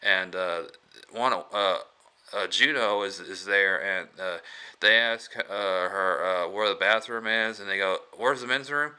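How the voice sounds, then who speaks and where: A man talks through a film review in a loose, rambling way, full of hesitations and restarts and chuckling as he retells scenes. His voice sits a little low but sounds very bright and sharp, with a smooth, crisp clarity. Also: fairly even intonation, unhurried. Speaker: movie reviewer. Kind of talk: casual movie review vlog.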